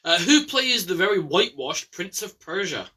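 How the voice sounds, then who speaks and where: A young Scottish man hosting a casual bad-movie quiz, chatty, with quick asides and some swearing. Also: high voice, sing-song, bright, forceful tone, slightly rough, distant mic. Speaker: quiz host.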